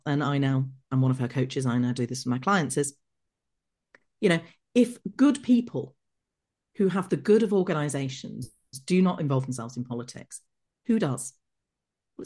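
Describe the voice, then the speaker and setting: A middle-aged woman, an executive coach telling stories from her career as a podcast guest, animated and quick to act out remembered conversations. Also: sits low. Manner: lively, acts out remembered dialogue. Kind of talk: podcast interview storytelling.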